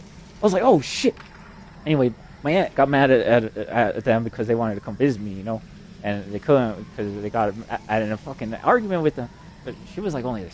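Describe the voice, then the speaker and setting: A man's voice: medium pitch, darkish tone, slight background noise. A man rambling through a personal story in a profane, casual way. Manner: profane, rambling, fast-talking.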